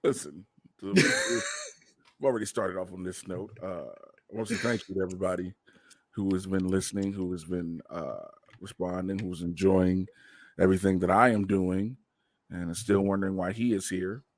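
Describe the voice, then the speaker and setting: A man's voice: moderate pace, no room sound. A male podcast host in casual comedic chat, joking loosely and sore from a wrestling show. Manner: animated joking, jumps to high mocking voices.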